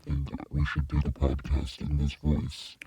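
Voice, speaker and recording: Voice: monotone, unhurried, dark tone, husky, dry recording, heavily acted. A goofy monster voice, put on through a voice changer. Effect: pitch-lowering voice changer. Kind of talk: comedy podcast banter.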